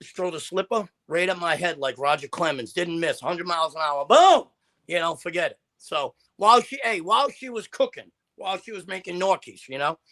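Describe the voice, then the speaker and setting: A man's voice: high voice, normal speed. A man, a guest in a casual podcast chat, rambling and filling his talk with "you know.". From American of Italian family. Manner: rambling, animated, heavy "you know" filler.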